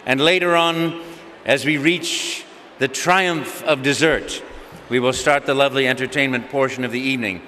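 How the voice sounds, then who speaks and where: A man's voice: mid-range voice, steady tone, moderate pace, sharp tone, big-room sound, a little hiss or hum. A man serving as master of ceremonies at a banquet, welcoming guests and running through the evening's program cheerfully and formally. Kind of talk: banquet emcee announcements. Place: large banquet hall.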